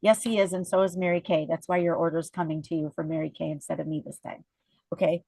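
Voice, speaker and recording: A middle-aged woman leads her sales team over a video call with a lively, chatty story. She keeps checking in with her listeners as she talks. Her voice sounds dry and close, with no room echo. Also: deep voice, quick pace, gravelly. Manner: animated storyteller, keeps checking in with "okay?" and "you guys". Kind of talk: chatty motivational team-meeting talk.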